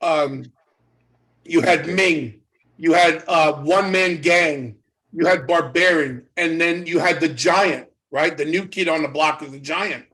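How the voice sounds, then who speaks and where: A man in his fifties with a slightly high voice speaks slowly on a rough recording. A former pro wrestler, he tells stories in a casual interview, animatedly acting out the quoted dialogue.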